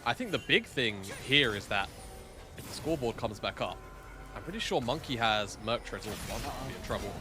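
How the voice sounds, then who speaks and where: A man giving joking, animated color commentary as an esports caster. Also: mid-range voice, a little fast, music in the background. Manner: joking, animated, breaks into laughter.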